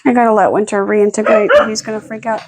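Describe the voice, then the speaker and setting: A woman's voice: mid-range voice, flat delivery, quick pace, very noisy. A young woman rambling casually in a late-night home vlog, frazzled and chatty, cooing baby talk at her dogs in between. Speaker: vlogger.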